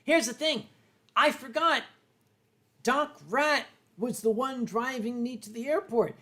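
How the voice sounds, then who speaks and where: High-voiced older man rambling host. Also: normal speed, a bit bright. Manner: rambling storyteller, coughs and clears throat, swears freely. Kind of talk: boozy late-night chat show banter.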